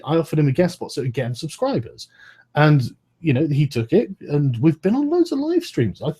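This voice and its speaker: A man's voice: on the high side, mellow, breathy edge. A man in his thirties, ranting heatedly in a live-stream debate over a video call, swearing often and breaking off his own sentences. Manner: swears a lot, rants, interrupts himself.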